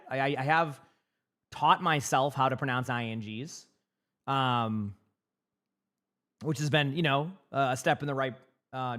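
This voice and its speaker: A man's voice: mid-range voice, a bit bright. A young man from Massachusetts with a light Boston accent, chatting casually on a live stream, reading chat aloud and rambling with lots of repeated words.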